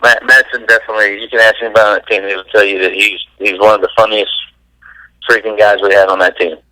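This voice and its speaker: A man, a former baseball pitcher, telling stories as a guest in a casual interview, laid-back and laughing as he goes. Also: flat delivery, quick pace, pushed and bright, dry recording, rough recording.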